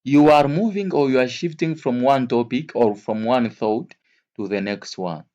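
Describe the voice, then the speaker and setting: A man teaching English vocabulary to learners, speaking slowly and repeating each word and example several times. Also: medium pitch, mellow, lo-fi sound. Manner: slow, repeats words and examples.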